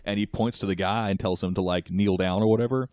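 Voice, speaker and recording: Man, podcast co-host, rambling casual storyteller, low voice, dry sound. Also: steady tone, fast talker, darkish tone, no echo. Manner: rambling storyteller, many fillers. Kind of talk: casual chat.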